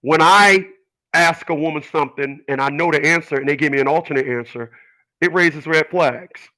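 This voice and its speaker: A middle-aged man delivers an emphatic personal monologue to his audience. His voice is bright and forceful, sitting a little higher than most men's. He presses his points with earnest, preachy conviction. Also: normal speed, low-quality recording. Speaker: channel host.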